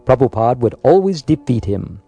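A man reading a biographical story aloud in a measured, scripted narration. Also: mid-range voice, sing-song, creaky, warm tone, soft background music. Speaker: audiobook narrator.

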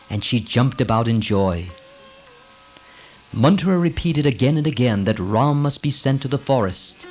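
A man reading a storybook tale aloud in a measured, formal way. His voice sits at a plain middle pitch, with faint music under the narration. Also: animated, a little mellow, poor audio.

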